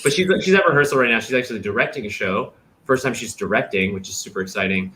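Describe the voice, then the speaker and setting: A young man hosting a livestream, chatting casually and explaining his ideas with lively vocal demonstrations. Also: on the low side, fast talker, slight background noise. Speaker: host.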